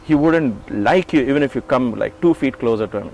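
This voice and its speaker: Fairly quick and gravelly in the mid range, a middle-aged man animatedly narrates his former work as an assistant during a conversational interview, acting out quoted lines. Slight background noise accompanies the poor audio.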